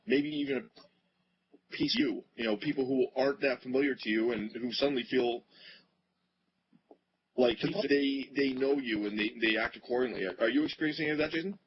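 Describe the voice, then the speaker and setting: A man's voice: medium pitch, fairly quick. Joking guy hosting a group interview, muffled sound with some background noise. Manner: joking, teasing. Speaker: interview host.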